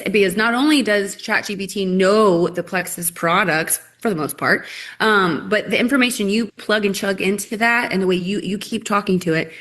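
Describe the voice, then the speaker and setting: Woman guest on a live call, mid-pitched, chatty and rambling, bubbly energy. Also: a bit bright. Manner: enthusiastic, rambling, many "like"s. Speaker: guest customer sharing a testimonial. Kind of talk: casual live-call chat.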